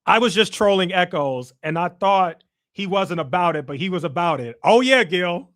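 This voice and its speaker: A young Chicago man hosts a casual livestream, reading comments aloud and playfully trash-talking his viewers. His voice is high and expressive, a bit bright, at a moderate pace.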